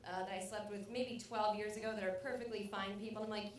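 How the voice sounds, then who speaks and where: A young woman doing a stand-up set, rambling and self-mocking with loud acted outbursts. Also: medium pitch, little pitch movement, fast talker, hardly any pauses, distant mic. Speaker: stand-up comedian. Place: comedy club stage. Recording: echoey club recording from afar.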